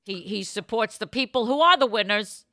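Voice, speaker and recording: A woman co-hosting a podcast, telling stories in an excitable, goofy, casual chat. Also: mid-range voice, normal speed, dry recording. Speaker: podcast co-host.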